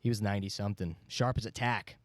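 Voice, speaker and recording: A young man co-hosting a podcast in casual chat, laid-back and quick to laugh. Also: on the low side, steady tone, dry recording. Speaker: podcast co-host.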